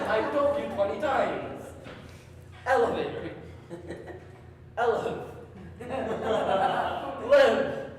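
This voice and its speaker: A man's voice: high-pitched, lively intonation, takes it slowly, pauses often, background noise. A man performing live improv comedy, stammering and repeating himself as he tries out guesses in front of an audience. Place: large hall before an audience. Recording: echoey hall from far off.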